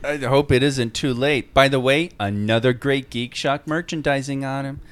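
Smooth-voiced man, wry podcast co-host. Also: medium pitch, steady tone, normal speed, a bit bright. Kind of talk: casual chat.

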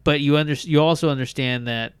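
A podcast co-host chats casually, talking enthusiastically and rambling with heavy use of "like." His voice is on the high side, fast and smooth, with no echo.

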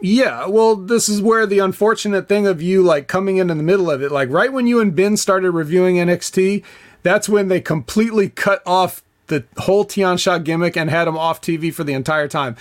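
A man co-hosting a wrestling review podcast, speaking casually with many hesitations and a dry, deadpan wit. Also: high voice, fairly quick. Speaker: podcast co-host, former wrestler.

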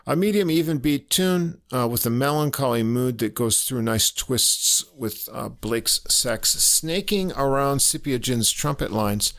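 A man giving a casual spoken review of a jazz album, halting with many fillers and little chuckles. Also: medium pitch, gravelly, a bit bright.

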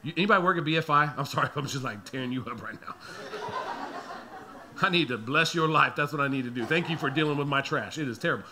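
A man's voice: fairly high pitch, fairly quick, background noise. A man in his thirties, a pastor telling a family story in a sermon and acting out the voices of his kids and himself.

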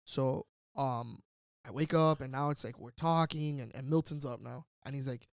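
A man telling a wild story in casual chat, animated and swearing, shouting out the lines he quotes. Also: medium pitch, normal speed, vocal fry, smooth, dry recording, studio quality. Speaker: podcast guest storyteller.

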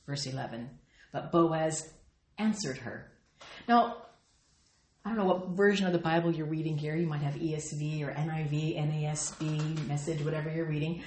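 A woman's voice: fairly low pitch, roomy sound. A woman teaching a Bible study, earnestly reading and explaining scripture with feeling. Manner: earnest and expressive, reads scripture aloud with feeling.

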